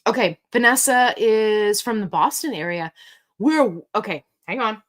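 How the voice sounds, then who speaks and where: A woman's voice: mid-range voice, measured pace. A woman hosting a casual livestream Q&A, talking in a chatty, rambling, joking way with plenty of tangents. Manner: chatty, rambling, jokey storytelling. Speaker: host.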